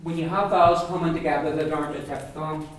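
Irish man, teacher, slightly high voice, noisy recording. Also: fairly even intonation. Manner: explains pronunciation, repeats words slowly, quizzes students. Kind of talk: classroom lesson. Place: classroom. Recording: echoey classroom from far off, noisy.

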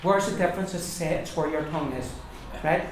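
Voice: medium pitch, fast. A language teacher giving a classroom pronunciation lesson to a group of learners, repeating words over and over and explaining patiently. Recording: very echoey room, far from mic, noisy.

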